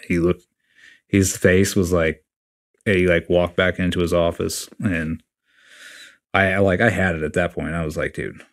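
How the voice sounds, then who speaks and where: A man in his forties with a very deep, low-pitched voice sits as a guest in a casual interview. He recounts events bluntly, swears without hesitation, and slips into quoting what other people said. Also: measured pace, long pauses. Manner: blunt, profane, animated retelling with quoted dialogue. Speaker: podcast guest, retiring Navy SEAL chief.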